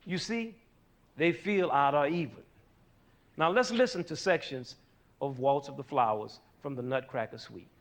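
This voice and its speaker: With faint music in the background, a man leads an animated rhythm lesson, quizzing his audience and drawing out what they think. He's a music teacher with a medium-pitched voice and a moderate pace.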